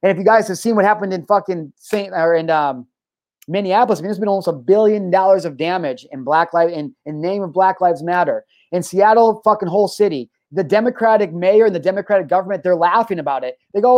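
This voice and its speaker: A man's voice: high voice, quick pace, a little mellow, no room sound. Heated, profane man ranting. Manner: heated, profane, repeats himself and restarts. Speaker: podcast host. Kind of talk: ranting monologue.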